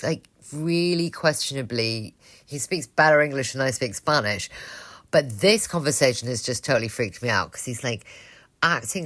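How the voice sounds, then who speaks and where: A woman's voice: rumbling low, a bit bright. A young woman co-hosting a podcast, telling a rambling story in casual chat, frank and swearing often. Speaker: podcast co-host.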